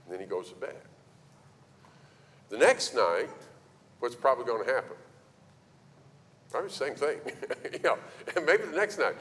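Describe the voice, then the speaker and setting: Animated male preacher in a reverberant hall. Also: medium pitch, moderate pace, pauses often. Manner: animated storytelling, acting out quoted voices. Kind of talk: sermon on parenting. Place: church hall. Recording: reverberant hall, faint ambience.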